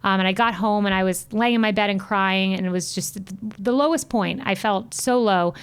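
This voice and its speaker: This interview guest, a woman in her thirties, relates her own experiences with heartfelt earnestness, bringing them to life as she retells them. She talks a little fast, with a medium pitch and a clean tone.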